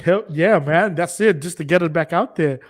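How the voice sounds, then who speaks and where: A man's voice: a little high, moderate pace. A man hosting a casual interview podcast, chiming in with short encouraging affirmations. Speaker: podcast host.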